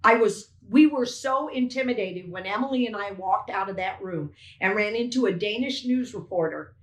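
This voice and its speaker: A woman's voice: medium pitch, moderate pace. An older woman giving an emphatic, indignant first-hand witness statement as a poll challenger, retelling events as dialogue. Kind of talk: emotional first-hand testimony. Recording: echoey room.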